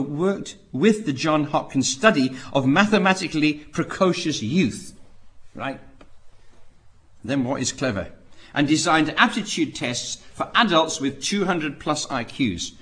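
A man delivers a preaching talk in a fairly high voice that rises and falls widely. He tells stories dramatically and fires off rhetorical questions. He moves between loud, emphatic points and quiet asides.

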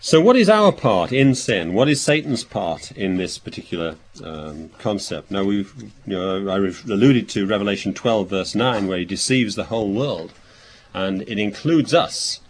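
Animated man preaching a scripture sermon. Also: on the low side, moderate pace, a little hiss or hum. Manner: expository, reads scripture aloud and explains it; thinking aloud with restarts and fillers.

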